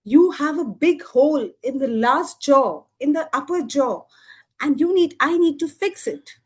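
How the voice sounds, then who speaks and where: A woman doing a poised, brisk dentist. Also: high-pitched, expressive. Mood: matter-of-fact. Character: polished, poised, smiling female dentist.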